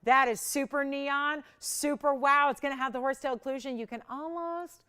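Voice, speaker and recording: Smooth-voiced bubbly woman shopping host. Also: high voice, fairly even intonation, fairly bright tone. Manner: bubbly, fast sales patter with laughs. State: out of breath. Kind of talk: live jewelry auction selling.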